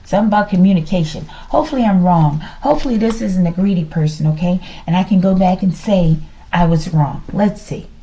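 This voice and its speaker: A woman's voice: on the low side, a little fast, warm tone, rough recording. A woman doing a casual tarot reading who muses aloud, describes herself as hyperactive and keeps addressing her audience as "collective". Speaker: tarot reader.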